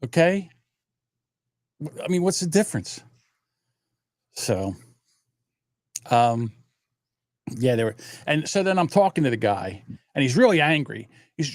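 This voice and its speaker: A man's voice: fairly high pitch, sing-song, measured pace, pauses often, dry recording, clean studio sound. A man in his sixties hosting a livestream, telling rambling stories in casual chat and swearing freely. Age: 60s. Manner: profane, rambling storyteller. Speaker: livestream host.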